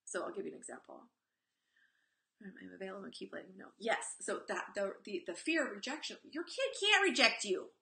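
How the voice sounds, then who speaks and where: A woman in her forties coaching parents on a live stream, her voice bright and edged with a gravelly fry. She talks nonstop and bluntly, swearing casually and telling stories from her own home life. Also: a little high. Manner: candid and blunt, swears freely, tells personal stories; talks nonstop in an animated, emphatic way. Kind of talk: live-stream talk to viewers.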